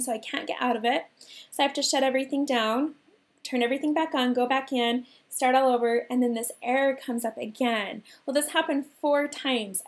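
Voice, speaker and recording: A woman in her thirties hosting a livestream from home, telling a personal story in an animated way and laughing often. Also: sits high, gravelly. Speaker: host.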